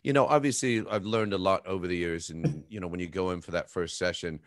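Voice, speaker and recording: A man with a fairly low voice talks in a playful, animated way and laughs easily. He is a game voice actor chatting on a fan panel. The sound is dry and close. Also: brisk, dry recording. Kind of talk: casual panel chat.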